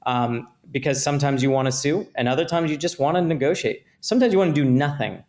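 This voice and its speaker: A man, an attorney guest on a podcast, explaining contracts and liability with measured, example-driven talk. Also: on the high side, a little mellow. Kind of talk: podcast interview.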